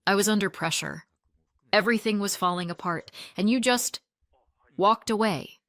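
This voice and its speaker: A woman's voice: mid-range voice, moderate pace, a bit bright, dry recording, studio quality, close to an everyday voice. A woman voicing a manipulative sister whose syrupy, defensive tone turns snappish. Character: manipulative, sugary sister turning sharp.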